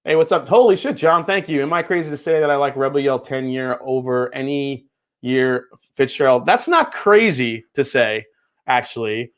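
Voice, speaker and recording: A man in his own everyday, mid-pitched voice hosts a loose livestream chat. He drifts between thoughts, leans on "uh" and "um", and answers viewers as if they were friends at the bar. His tone is friendly and unhurried. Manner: relaxed, chatty, reads and answers chat; many fillers, laughs easily. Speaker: livestream host.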